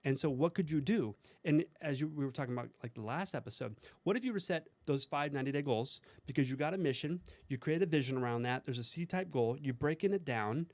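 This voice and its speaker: A man with a slightly high voice talks earnestly as a podcast guest. He coaches through rhetorical questions, and the recording is dry and close. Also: fast talker, hardly any pauses, no echo. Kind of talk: casual podcast chat.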